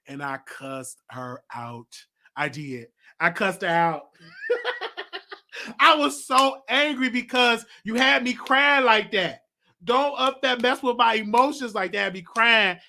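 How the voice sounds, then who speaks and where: A man hosting a show and telling a personal story in a rambling, animated way, with laughter and many restarts. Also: high voice, takes it slowly, gravelly. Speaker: talk show host. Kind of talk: casual storytelling monologue.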